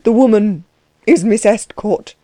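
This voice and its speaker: A woman voicing an agitated, indignant young male tutor who bursts out in trembling, shrill tirades. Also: measured pace, warm tone, no room sound, natural voice. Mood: furious.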